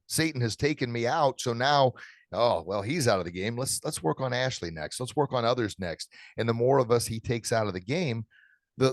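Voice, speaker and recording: A man, a martial arts instructor, speaking as a podcast guest in an emotional, halting way with many restarts. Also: mid-range voice, no echo, clean studio sound. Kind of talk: casual interview chat.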